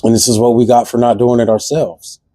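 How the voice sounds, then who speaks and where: A man delivers a fervent spiritual monologue, circling back to the same lines and firing off rhetorical questions. His tone is dark and mellow. The recording is close and dry, with no room sound. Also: medium pitch, level tone, a little fast, dry recording. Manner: impassioned, preachy, repeats phrases, asks rhetorical questions. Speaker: vlogger. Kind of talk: passionate spiritual monologue to camera.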